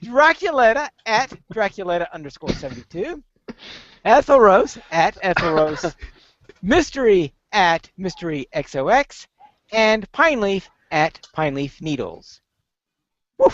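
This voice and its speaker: A woman's voice: mid-range voice, sing-song, a little slow, no echo. Playful woman podcast co-host, lo-fi. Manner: playful, theatrical when reading a silly poem. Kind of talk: casual podcast chat.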